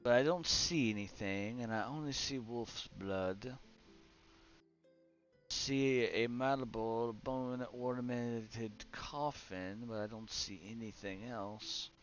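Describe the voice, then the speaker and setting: Slow, muttering young male game streamer. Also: medium pitch. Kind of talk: casual gameplay streaming chat. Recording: slightly dull lo-fi stream audio with faint music.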